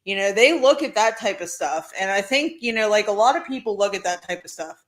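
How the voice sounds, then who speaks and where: A woman's voice: mid-range voice, animated, fairly quick. Chatty young woman rambling casually. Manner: chatty, rambling with many "like" fillers. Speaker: podcast co-host. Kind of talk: casual chat.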